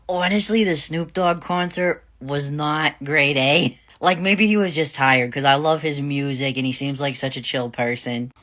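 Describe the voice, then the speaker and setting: A man telling stories in a casual vlog, chatty and profane and quick to laugh. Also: medium pitch, sharp tone, no echo. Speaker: vlogger.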